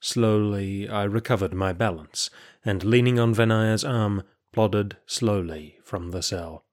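A man giving steady, measured first-person narration of a story. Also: on the low side.

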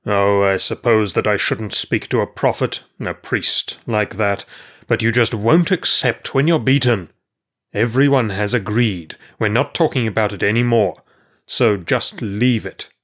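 A bossy leader of a band of refugees snaps and bullies in a harsh, impatient voice, as a male audiobook reader acts him out. The voice sits somewhat low overall yet rises above the narrator's. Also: measured pace, a bit bright. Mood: angry.

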